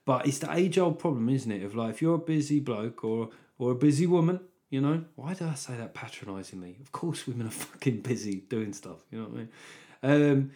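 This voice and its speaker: A man's voice: mid-range voice, darkish tone. A man hosting his own podcast as a comedian, talking in a rambling, sweary, self-deprecating way. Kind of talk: solo podcast monologue.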